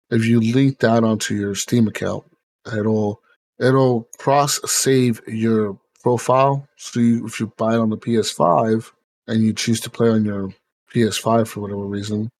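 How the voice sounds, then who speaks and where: A man's voice: on the low side, a little mellow. A man hosting a podcast in casual chat, rambling with lots of fillers and swearing. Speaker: podcast host.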